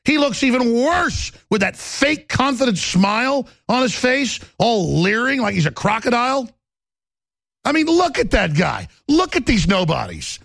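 A man rants through political commentary as a talk show host, angry and mocking. His voice sits high and swings wildly in pitch, with a gravelly edge. The studio sound is dry and close. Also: sing-song, measured pace, dry recording. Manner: angry, mocking, shouting rants with sneering impressions.

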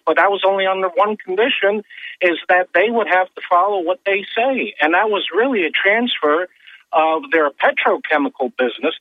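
A man's voice: sits high, no echo. A man calling in to a radio show, explaining his point in an earnest way. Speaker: caller. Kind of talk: phone-in call. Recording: tinny phone line.

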